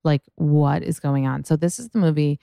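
A woman's voice: low-pitched, fairly even intonation, normal speed, creaky, warm tone, smooth, no room sound, clean studio sound. A young woman hosting a podcast, chatting frankly and profanely about celebrity gossip in a rambling way. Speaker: podcast host. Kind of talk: casual gossip chat.

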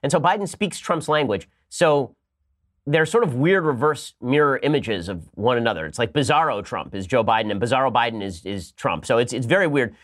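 A man hosting a political podcast, reading an ad and giving sarcastic, animated commentary. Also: mid-range voice, brisk. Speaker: podcast host. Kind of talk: fast political commentary with ad read.

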